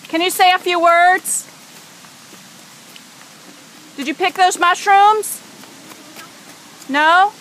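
Mom with a high bright voice, slow and playful, egging her little kid on in a garden, camera mic. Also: slight background noise, low-quality recording. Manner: coaxing, playful talk to a small child. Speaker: mother filming her toddler son. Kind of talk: casual home video chat. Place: outdoor garden. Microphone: handheld camera mic.

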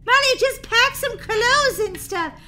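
A woman's voice: extremely high pitch, lively intonation, slow pace, sharp tone, slight background noise, voice pushed up, heavily acted. Woman doing a sassy bossy teen sister.

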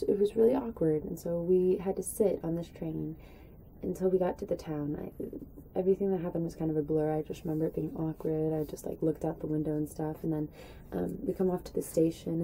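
A young woman telling a rambling story in a casual vlog, acting out what people said in a higher voice. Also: warm tone, a little hiss or hum, poor audio. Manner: chatty, rambling, acts out quotes in a high voice. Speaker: vlogger.

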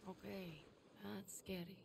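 A woman's voice: mid-range voice, steady tone, slow, creaky, a little mellow, slight background noise. A woman voicing a startled young game heroine, muttering wary reactions, heard as game audio under the stream. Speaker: video game protagonist.

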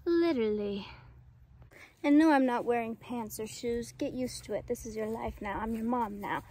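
A young woman from the United States chatting casually in a vlog, excitable and self-mocking, laughing often. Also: a little high, moderate pace, husky. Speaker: vlogger.

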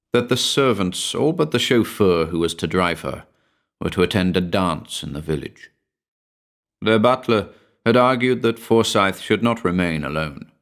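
A man giving a measured, brooding scripted narration of a horror story. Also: low-pitched.

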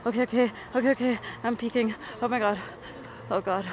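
A fairly high-voiced woman talks to her handheld camera as she climbs a mountain trail outdoors. She is worn out and short of breath, and keeps letting out nervous, breathy exclamations. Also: fairly even intonation, brisk, crowd noise. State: tired and out of breath. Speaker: vlogger. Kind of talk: casual vlog narration while hiking.

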